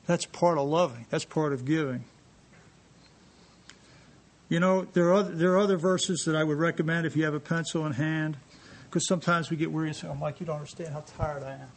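Male preacher, high voice, lively and joking with the congregation, reads scripture aloud. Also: brisk, long pauses. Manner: animated, jokey, reading scripture aloud to a congregation. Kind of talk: sermon. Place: church sanctuary.

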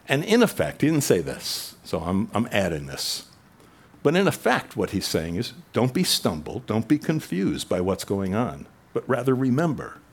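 A man with a fairly low voice preaching an expository sermon in a relaxed, conversational way. He asks rhetorical questions, jumps up in pitch for emphasis and sinks soft and low for quoted lines. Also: moderate pace, slightly rough. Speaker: pastor.

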